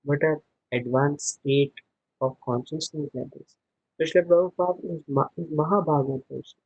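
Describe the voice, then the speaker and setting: A man gives a scripture class over a video call, walking through each verse one word at a time and chanting the Sanskrit. His voice sits a little high and has a slightly husky edge. The sound is dry and close, with no room around it. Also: fairly even intonation, normal speed, no room sound, narrow, tinny audio. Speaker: spiritual teacher.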